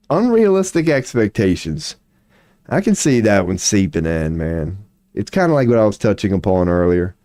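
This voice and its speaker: A young man talks through his livestream in a loose, rambling way, knocking himself down and swearing freely. His voice is mellow and soft-edged, but his pitch jumps around a lot. The sound is close and dry, with no room echo. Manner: rambling, self-deprecating, heavy slang and swearing. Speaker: live streamer. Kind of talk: casual livestream monologue.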